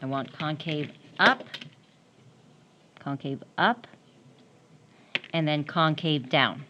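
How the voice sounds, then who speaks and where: A woman's voice: deep voice, takes it slowly, lo-fi sound, slight background noise. A woman math teacher giving a classroom lecture, explaining step by step while she draws and often checking in with "right?".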